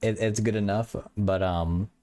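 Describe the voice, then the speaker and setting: A man's voice: fairly low pitch, fairly even intonation, a little slow, dark tone, no echo. A young man hosting a livestream, chatting casually with viewers, stuttering and repeating words, from a small apartment bedroom. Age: young adult. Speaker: livestream host.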